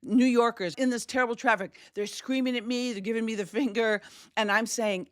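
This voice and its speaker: A woman's voice: medium pitch, moderate pace, dry recording, clean studio sound. A middle-aged woman from Wisconsin telling a personal story, acting out the voices she quotes. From Wisconsin, USA. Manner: animated, acts out quoted voices.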